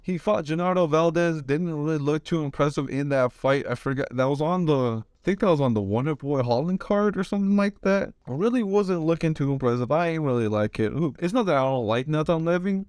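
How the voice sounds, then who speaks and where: Man, casual fight predictions, profane slangy rambling, smooth resonant voice. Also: fairly high pitch, darkish tone, no room sound, clean studio sound. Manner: swearing, slangy, rambling with restarts. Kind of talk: casual chat.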